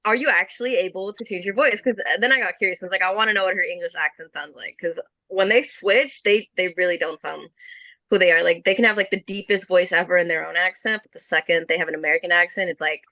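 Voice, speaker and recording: A woman's voice: lowish voice, quick pace, no room sound, rough recording. A woman telling a story in casual podcast chat, acting out quotes as she goes. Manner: storytelling, animated quoting.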